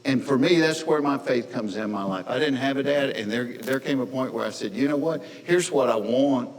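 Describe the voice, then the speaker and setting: A middle-aged man tells a story to a gathered crowd in a relaxed, folksy manner, acting out the characters as he goes. His voice carries a long reverb from the large hall, with a faint hiss underneath. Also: medium pitch, moderate pace. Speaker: speaker at a men's gathering. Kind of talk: storytelling talk to an audience.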